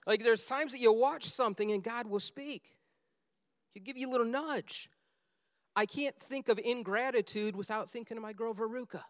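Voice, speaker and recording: High-voiced preacher in a reverberant hall. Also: male voice, moderate pace. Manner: animated storytelling, acting out film scenes. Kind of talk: sermon.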